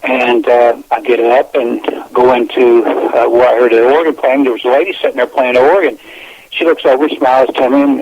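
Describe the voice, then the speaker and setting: A man on a radio show, telling a long personal story in a meandering way, often repeating himself and restarting his sentences. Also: mid-range voice. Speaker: guest telling his experiences. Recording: dull lo-fi phone line.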